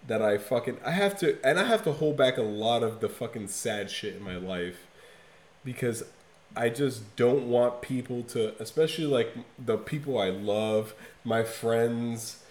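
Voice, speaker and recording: A man in casual podcast chat, talking emphatically and with a lot of swearing, swinging from loud bursts to low, quiet stretches. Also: reverberant. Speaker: podcast co-host. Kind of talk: casual chat reviewing an album.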